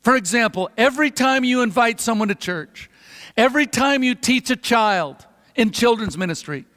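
High-voiced preacher in a reverberant hall. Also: male voice, lively intonation. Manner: dramatic pauses, drops to a hush at phrase ends. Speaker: pastor. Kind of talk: sermon.

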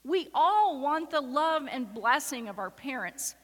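A woman's voice: sits high, lively intonation, unhurried. A woman pastor preaching a sermon and reading scripture aloud, voicing the characters with rising emotion. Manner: acts out the voices in the story with rising emotion. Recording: reverberant hall.

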